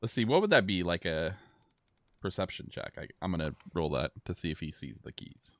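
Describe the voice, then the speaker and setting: Low-voiced dude running a tabletop game, chill, laughs a lot, dry mic. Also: male voice, sing-song, fairly quick, a bit bright, no echo. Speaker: game master.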